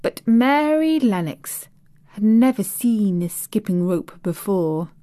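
A woman reading a classic children's novel aloud in a measured audiobook narration. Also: mid-range voice, animated, warm tone, no echo, clean studio sound. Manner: slow, measured. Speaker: audiobook reader.

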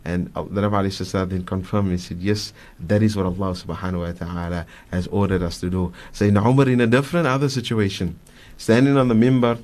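A man in a radio studio, a guest scholar with a South African accent, telling religious stories in an animated way, acting out the quotes, with many fillers. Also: lowish voice. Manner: animated storyteller, acts out quotes, frequent fillers. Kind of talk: radio religious talk, storytelling.

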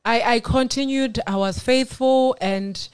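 A woman from South Africa telling her faith testimony on a radio talk show, earnest and animated. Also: on the high side, measured pace, clean tone. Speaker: guest sharing testimony.

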